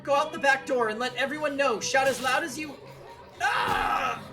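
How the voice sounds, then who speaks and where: A terrified village boy shrieks high and broken as a woman voices him. His panic cracks into sobs. Game music plays behind the voice. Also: normal speed, raised voice, crowd noise, lightly acted, rough recording. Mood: panicked. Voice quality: high, crying.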